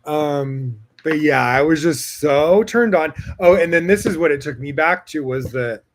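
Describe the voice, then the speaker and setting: An American man hosting a podcast, telling a personal story in a rambling, gushing way, swearing often, laughing, and swinging from loud to soft. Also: on the high side, expressive, unhurried. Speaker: podcast host. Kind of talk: casual personal storytelling monologue.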